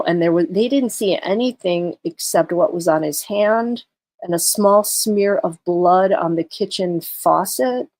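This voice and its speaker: A woman's voice: fairly low pitch, a little mellow, no echo. A tired woman livestreaming in casual chat, talking through a case and greeting her viewers. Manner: chatty, greets viewers, many fillers. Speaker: true crime livestreamer.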